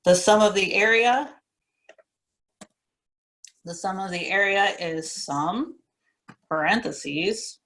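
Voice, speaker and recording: A woman's voice: medium pitch, takes it slowly, pauses often, a bit bright. A woman teaching a recorded class lesson, walking through formulas methodically and repeating the key steps in a casual instructor tone. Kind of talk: recorded classroom lecture walkthrough.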